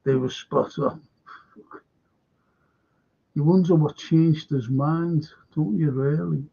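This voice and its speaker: A man's voice: a little high, fairly even intonation, slow, creaky, dark tone, slightly rough. A middle-aged man hosting a casual live stream, reading viewer comments aloud with a chuckle and the odd swear. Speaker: podcast host reading live chat. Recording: dull lo-fi stream audio.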